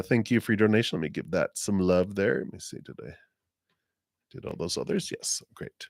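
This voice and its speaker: A man doing a casual live reading on a stream, gentle and rambling, laughing often, his voice a bit lower than usual from the weather. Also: lively intonation, moderate pace, vocal fry, long pauses, dry recording, studio quality. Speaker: psychic reader on a livestream.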